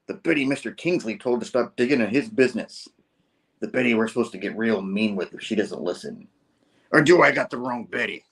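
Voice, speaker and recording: A man's voice: mid-range voice, lively intonation, brisk, a bit bright. Man doing a threatening henchman thug. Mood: menacing. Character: menacing male henchman thug. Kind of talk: comic book read-aloud.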